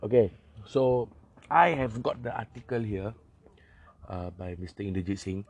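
A man's voice: on the low side, normal speed, a little mellow, husky. A young man with a Singaporean accent giving casual, rambling political commentary, full of fillers and the odd swear word.

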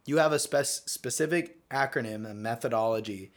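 A man hosts a podcast in a middle-pitched voice. He asks his questions eagerly and lets them ramble a little. He reacts warmly to what his guest says. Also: normal speed. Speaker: podcast host. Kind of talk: podcast interview.

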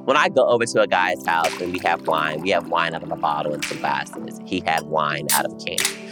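A young man with a low, deep speaking voice tells a story to his co-host in casual podcast chat. He is animated and theatrical, dropping to hushed murmurs and then shooting up into high squeals. Music plays clearly in the background. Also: fairly quick.

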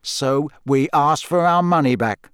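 A man's voice: a little high, unhurried, a bit bright, clean tone, no room sound. A man doing a wry teenage prankster. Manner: wry, dry-humored.

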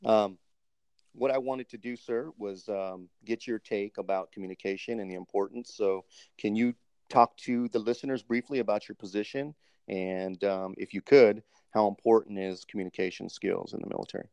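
Man host for an interview: very low, gravelly, hesitant, polite. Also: fairly even intonation, normal speed, mellow, no room sound. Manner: hesitant, many ums, polite and formal. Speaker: podcast host, army master sergeant. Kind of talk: casual interview hosting.

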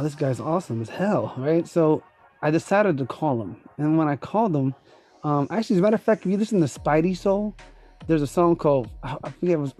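A man's voice: on the high side, dark tone. A man hosting his own podcast, telling a story in a rambling, casual way with frequent laughs and swearing. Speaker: podcast host.

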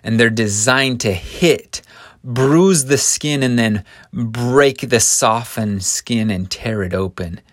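A man's voice: medium pitch, slow, no echo, studio quality. A man teaching a scripture lesson in an earnest, vivid storytelling manner.

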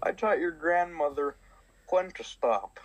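Brash low-voiced young woman. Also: expressive, unhurried, lo-fi sound, a little hiss or hum. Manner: brash, teasing, mock-tough. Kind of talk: casual chat during a party card game. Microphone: online voice call.

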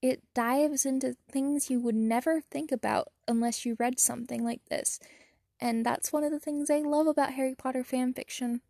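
Mellow-voiced woman reading fan fiction. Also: high voice, steady tone, normal speed, vocal fry, no echo, studio quality. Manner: enthusiastic, chatty recommending. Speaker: fanfiction reader and reviewer. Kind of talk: reading aloud and casual review.

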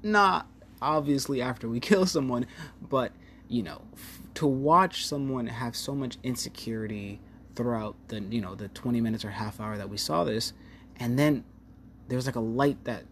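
A man's voice: medium pitch, normal speed, fairly bright tone, a little hiss or hum. A man giving a casual, rambling film review, full of fillers and open enthusiasm. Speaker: movie reviewer.

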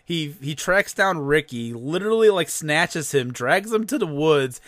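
Brief: male podcast host, a bit higher voice, very lively pitch, close dry mic. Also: a little slow, no room sound. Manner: animated, laughing, swears freely. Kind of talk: casual chat.

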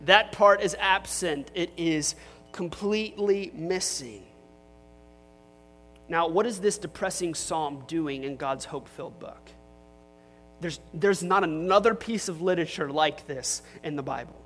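A man's voice: on the high side, unhurried, fairly bright tone, long reverb tail, faint music behind. A man preaching a sermon as pastor in a church, talking conversationally with joking asides to his congregation. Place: church sanctuary.

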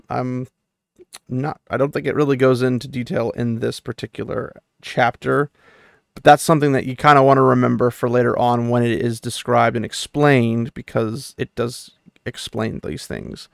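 A man's voice: mid-range voice, moderate pace, vocal fry, clean tone, dry recording, studio quality. A man casually recapping and commenting on a fantasy novel chapter, rambling with many fillers. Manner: rambling, many fillers, light quoting of characters. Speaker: book discussion host.

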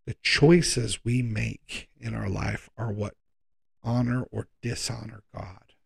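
A man preaches in a relaxed, conversational way. His voice is gravelly and husky, and he sits at a middle pitch. He drags out key words for emphasis and hurries through quick asides. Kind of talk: sermon.

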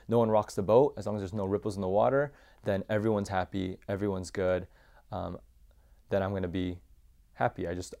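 Low gravelly-voiced man recounting his childhood. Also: a little mellow. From United States. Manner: reflective, halting, many fillers. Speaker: podcast guest, former youth pastor. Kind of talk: personal storytelling.

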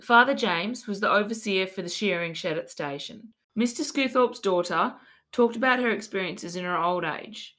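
A woman's voice: mid-range voice, moderate pace, fairly bright tone. A woman hosting a podcast, telling a spooky local legend in a chatty, giggly way and reading out old quotes with asides. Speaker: podcast host. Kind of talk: casual storytelling chat.

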